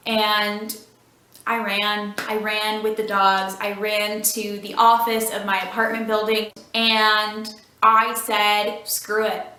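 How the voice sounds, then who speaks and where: A woman recounting a personal story with halting restarts. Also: mid-range voice, monotone, sharp tone. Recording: echoey, distant from the mic.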